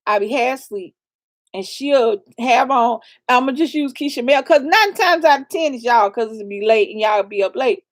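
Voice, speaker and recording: A woman co-hosting a casual chat, telling stories with loud, expressive exclamations. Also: a little high, normal speed, dry recording. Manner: animated storyteller, loud exclamations. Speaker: co-host of a couple's channel.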